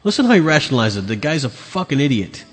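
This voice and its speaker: A man's voice: mid-range voice, very animated, fast talker, breathy edge, in a large hall, soft background music. A man hosting his own podcast, ranting bluntly and sarcastically with lots of swearing. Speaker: podcast host. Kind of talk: opinionated solo rant.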